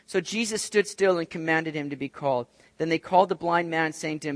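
A male pastor reading scripture aloud and preaching an expressive sermon. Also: high voice, fast, dry recording. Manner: expressive, acts out quoted voices.

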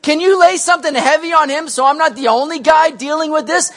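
A man preaching a sermon acts out an agitated, exasperated grown disciple who pleads loudly and rises to shouts. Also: very high-pitched, fairly quick, pitched above the performer's own voice. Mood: pleading. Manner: loud, pleading, rising to shouts.

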